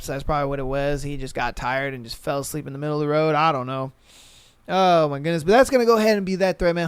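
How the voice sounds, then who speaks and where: A young man hosting a casual solo podcast, loose and profane, acting out drivers and animals in shouted voices. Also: sits high, clear, resonant tone, dry recording. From western United States. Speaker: podcast host. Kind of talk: casual solo podcast chat, reading and reacting to stories.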